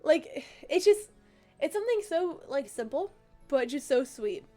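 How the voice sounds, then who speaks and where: A young woman streamer chatting casually, rambling and excitable, with lots of fillers and restarts, getting a little choked up. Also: high-pitched, unhurried, faint music behind. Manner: gets choked up and emotional.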